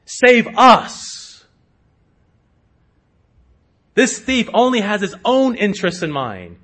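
A man preaching a sermon to his congregation, slow and emphatic, with sudden rises in pitch and loudness. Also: wildly swooping pitch, husky. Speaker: pastor.

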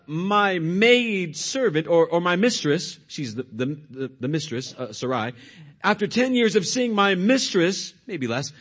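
A man's voice: high-pitched, a bit bright, slightly rough. A male pastor preaching a sermon, retelling scripture expressively.

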